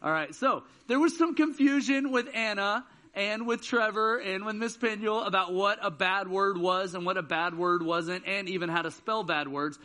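This student ministry speaker, a man in his thirties, talks at normal speed with few pauses in a high-sitting, bright, forceful voice. He delivers a laid-back youth sermon in a church auditorium, spinning jokey stories.

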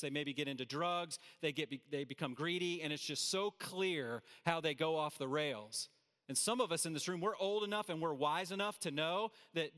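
Male preacher, a bit high-pitched, emphatic sermon delivery, long hall echo. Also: fairly bright tone. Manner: earnest, emphatic preaching with asides. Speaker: pastor. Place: large room with audience. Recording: hall reverb.

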